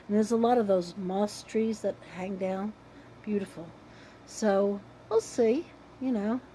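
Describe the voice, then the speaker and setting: A woman's voice: mid-range voice, mellow, slight background noise, low-quality recording. An older woman rambling casually to the camera in a chatty vlog, wandering between tangents. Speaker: vlogger.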